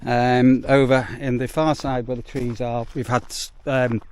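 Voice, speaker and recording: A campsite warden with a British accent talks in a clear, resonant, mid-range voice that barely moves in pitch and never hurries. Working outdoors for a casual vlog, he rambles, ums frequently and is out of breath.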